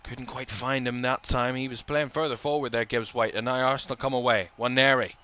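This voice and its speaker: A man calls a football match live for a watchalong stream. He rattles off player names in clipped bursts and lifts his voice as attacks build. His tone is bright and his voice crisp and clean, a little tired. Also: mid-range voice, steady tone, brisk. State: tired, yawning. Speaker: football commentator.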